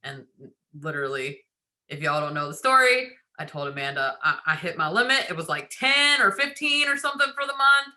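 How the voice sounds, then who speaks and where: A woman's voice: low voice, expressive, a little fast, bright, forceful tone. A woman giving a casual sales training, chatty and laughing, acting out quoted lines. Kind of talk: casual recruiting training talk.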